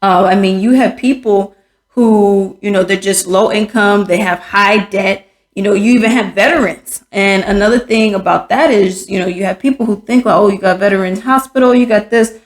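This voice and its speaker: A woman's voice: medium pitch, normal speed. A woman hosting a podcast, speaking frankly and with exasperation in casual commentary, with many fillers and restarts. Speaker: podcast host. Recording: echoey room.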